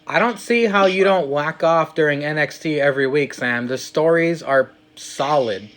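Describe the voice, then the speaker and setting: A man's voice: a little high, normal speed, fairly bright tone. A man hosting a casual podcast, teasing his guest and posing questions. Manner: playful, teasing, asks questions. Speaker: podcast host.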